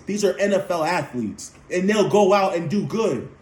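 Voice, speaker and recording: A man's voice: sits high, expressive, moderate pace, few pauses, a little mellow. Heated man ranting in a roomy space. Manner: heated, repetitive, emphatic. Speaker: sports commentator. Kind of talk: fan sports rant. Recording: roomy echo.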